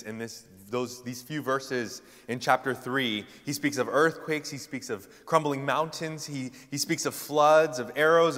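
A young man preaching a sermon, telling animated personal stories with casual fillers and loud punchlines. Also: fairly high pitch, big-room sound. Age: young adult.

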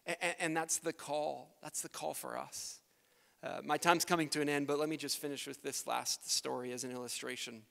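A man's voice: a little high, steady tone, normal speed, creaky, a bit bright. A man who grew up in Canada, speaking earnestly as a missionary in a church sermon and prayer, building to emphatic peaks. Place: church sanctuary. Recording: preacher in a long-reverb hall.

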